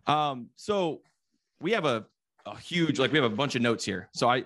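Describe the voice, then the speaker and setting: A man's voice: mid-range voice, expressive, moderate pace, fairly bright tone. A man co-hosting a casual podcast, talking loosely, swearing and laughing easily. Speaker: podcast co-host. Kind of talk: casual chat and interviewing.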